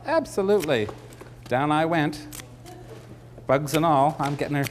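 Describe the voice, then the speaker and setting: A man's voice: a little high, normal speed, long pauses. Man, middle-aged, floral demonstrator, teasing, chatty, faint background hiss. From Canada. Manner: chatty and joking, teasing the audience. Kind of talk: live demonstration to an audience.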